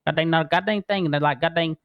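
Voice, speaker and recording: A man doing a shaken male witness in an online role-play game who jams one curse word into almost every phrase. His voice sits fairly high, and it is recorded dry and close. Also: racing, vocal fry, smooth, dry recording, lo-fi sound. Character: rattled male crime witness, compulsive swearer.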